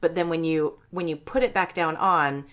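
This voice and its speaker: A woman's voice: low-pitched, moderate pace. A woman who is a podcast guest, chatting casually and laughing easily as she recalls an old job. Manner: lively, animated, laughs easily. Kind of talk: casual chat.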